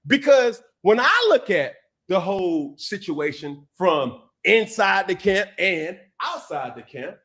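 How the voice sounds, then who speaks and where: A man as a guest on a sports talk show, speaking emphatically and now and then raising his voice to a shout. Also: very animated, slow pace. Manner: emphatic, preachy, swings in pitch.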